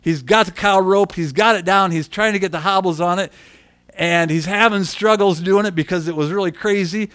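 A fairly high-voiced man preaching through a long personal story. He speaks in a chatty way, repeating himself, and rises into loud shouted bits. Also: moderate pace, smooth. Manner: animated storyteller who shouts quoted lines. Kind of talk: storytelling sermon.

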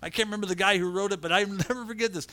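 Man preaching, middle-aged, high voice, bright tone, animated storytelling, acts out voices. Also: racing. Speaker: pastor. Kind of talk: storytelling sermon.

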